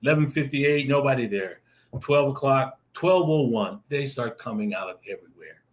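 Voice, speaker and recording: A man on a video call telling a lively personal story, acting out the voices in it and laughing often. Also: mid-range voice, moderate pace. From Arizona. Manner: animated, acts out voices in his stories, laughs often. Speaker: guest storyteller. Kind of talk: casual anecdote telling.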